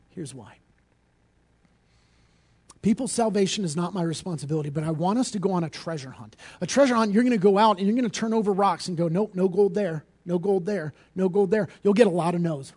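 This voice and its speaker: A man preaching a sermon as pastor, earnest and direct, rising to emphatic peaks and dropping low. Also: a little mellow.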